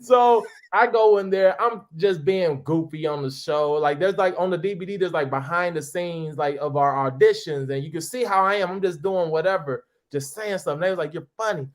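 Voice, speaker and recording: A man's voice: moderate pace, few pauses. A man in his forties from St. Louis, a comedian telling a long story in an interview, acting out other people's voices. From St. Louis, USA. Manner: lively, goofy, acts out quoted voices with big pitch jumps.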